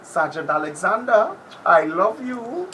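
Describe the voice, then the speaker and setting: A man doing an impression of a brash, boastful male TV personality, with a theatrical, drawn-out delivery that drops to whispers. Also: sits high, sing-song, bright, forceful tone, heavily acted. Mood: knowing. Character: brash boastful male TV personality, self-proclaimed top predator. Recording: noisy background ambience.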